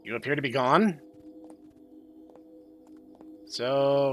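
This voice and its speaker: A young man doing sarcastic, deadpan commentary while playing a horror game. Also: medium pitch, moderate pace, soft background music. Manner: deadpan, dry sarcastic asides. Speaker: game streamer. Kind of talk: sarcastic let's-play commentary.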